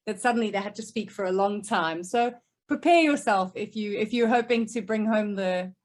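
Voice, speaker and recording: A woman who speaks professionally, answering questions over a video call with emphatic, crisp points. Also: mid-range voice, normal speed. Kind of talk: remote Q&A answers. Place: home office, remote.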